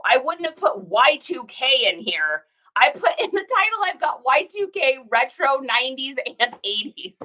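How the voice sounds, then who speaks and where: A woman with a high, bright voice chats casually as an online reseller. She keeps encouraging her viewers and often dissolves into laughter as she talks. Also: sing-song, moderate pace, poor audio. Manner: encouraging, breaks into fits of laughter.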